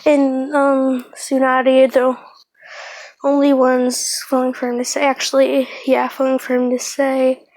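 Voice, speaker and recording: Woman, high flat voice, improvised fan-story teller, halting and rambly. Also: no echo, low-quality recording. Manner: halting and rambling, with many fillers and self-corrections. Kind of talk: improvised fan-fiction retelling.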